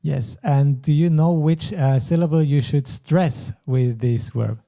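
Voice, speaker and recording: A man's voice: fairly high pitch, measured pace, vocal fry, warm tone. A man teaching a language lesson, explaining patiently step by step. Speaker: German teacher.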